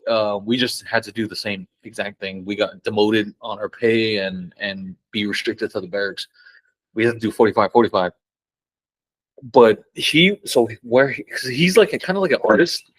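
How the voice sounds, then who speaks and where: A man's voice: lowish voice, moderate pace, slightly rough, no room sound, poor audio. Young man telling stories, casual. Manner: excited, swearing, laughs often, acts out quotes loudly. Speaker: podcast guest. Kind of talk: casual storytelling.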